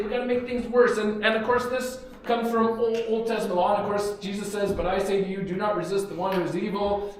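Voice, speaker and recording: A young man preaching a sermon in a church, telling a story animatedly and acting out the quotes. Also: sits high. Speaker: pastor. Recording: very echoey church hall.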